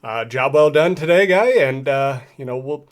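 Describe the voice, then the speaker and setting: A man's voice: medium pitch, expressive, moderate pace, natural voice. A man voicing a smug, theatrical male comic-book villain in a breezy, mocking, offhand way.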